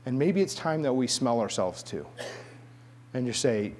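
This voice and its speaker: A middle-aged man delivers a sermon in a husky, slightly breathy voice. He tells stories with jokes, then builds quiet, emphatic lists to drive the point home. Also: mid-range voice, very animated, normal speed. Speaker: preacher. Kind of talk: sermon with personal story.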